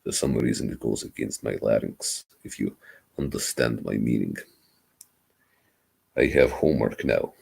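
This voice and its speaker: A man putting on a brooding Russian accent, speaking low and muttered in a deadpan way. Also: moderate pace, vocal fry, long pauses, husky, exaggerated voice. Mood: gloomy deadpan. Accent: put-on Russian. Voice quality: low, muttered, held quiet. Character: brooding mock-Russian man, deep and hushed.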